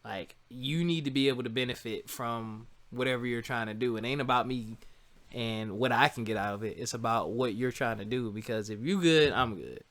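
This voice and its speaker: Male podcast host, 30s, bright tone, casual self-mocking storyteller. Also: mid-range voice, fairly quick. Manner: laid-back, chatty, jokes at himself.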